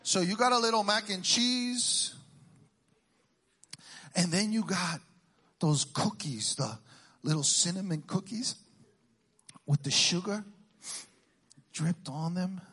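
Middle-aged man from Puerto Rico, stand-up comic, lively swooping pitch, unhurried, teases the crowd. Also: husky. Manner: animated, crowd-teasing, drops into Spanish exclamations. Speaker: stand-up comedian. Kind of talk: stand-up comedy routine.

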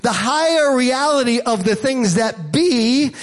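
A man's voice: extremely high pitch, lively intonation, a little slow. A man preaching a sermon as pastor, emphatic and calling out to the congregation.

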